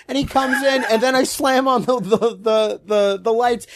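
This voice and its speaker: A man telling a story in casual chat, acting out what people said with big swings in pitch. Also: normal speed, slight background noise. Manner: animated, acts out quotes with shifting pitch.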